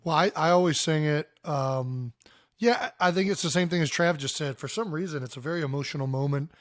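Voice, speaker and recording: A man's voice: a little high, no room sound, studio quality. A man in his thirties, a podcast co-host speaking thoughtfully in casual talk. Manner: thoughtful, measured. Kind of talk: casual chat.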